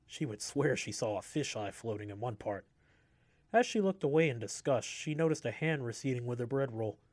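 A man reading a story aloud in a steady, measured way. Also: medium pitch, no echo.

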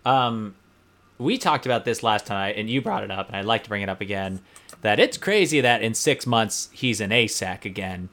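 A man's voice: lowish voice, animated, normal speed, fairly bright tone. A man co-hosting a podcast, rambling in a loose, self-deprecating way while recapping a TV episode. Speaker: podcast co-host. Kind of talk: casual chat recapping a TV episode.

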